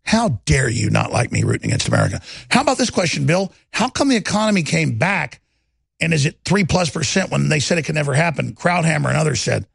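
A man's voice: fairly high pitch, huge pitch swings, fast talker, gravelly, fairly bright tone, husky, dry recording, studio quality. A man hosting a broadcast, giving heated, mocking political commentary with lots of insults. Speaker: host.

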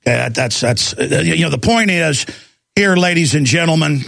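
A man's voice: fairly high pitch, lively intonation, normal speed, gravelly, a bit bright, no room sound. A man hosting a call-in talk show, delivering an angry, intense ranting monologue. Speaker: talk show host taking calls.

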